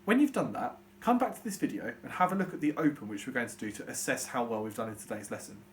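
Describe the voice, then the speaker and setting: Lively British male teacher, patient. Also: medium pitch, fast talker, a little hiss or hum. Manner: clear, patient teacher explaining step by step. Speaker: primary school teacher. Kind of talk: recorded online lesson for young children.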